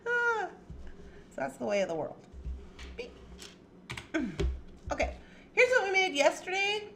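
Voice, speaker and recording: Chatty lady on a crafting livestream, voice bounces all over, little hum behind her. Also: medium pitch. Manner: chatty, laughs often, lively and playful. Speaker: jewelry-making livestream host. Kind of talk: casual chat.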